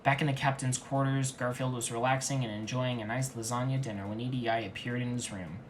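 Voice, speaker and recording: A man reading fan fiction aloud in a deadpan, earnest comedic style. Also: medium pitch, a little fast, slight background noise, low-quality recording. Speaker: reader.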